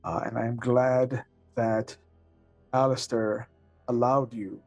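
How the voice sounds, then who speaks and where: A man doing a worn-out noble lady, in the deep voice of the man voicing her. she drags her words out and pauses a lot. very dry, close sound with no room in it. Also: steady tone, no echo, lo-fi sound, soft background music. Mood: weary, fond. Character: weary noblewoman, a lord's sister with children.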